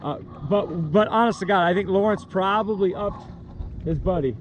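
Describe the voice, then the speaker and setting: A man's voice: sits high, moderate pace, dull audio, slight background noise. A man working as a fishing guide, chatting and joking on a boat on a lake, often laughing and restarting his sentences. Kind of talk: casual fishing vlog chat.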